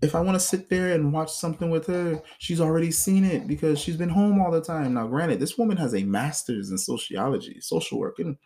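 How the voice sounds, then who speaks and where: A man's voice: a little high, a little fast, hardly any pauses. A man casually telling a personal story about past relationships in a blunt, profane way, acting out what others said. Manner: blunt and profane, animated when mimicking others. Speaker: self-help vlogger.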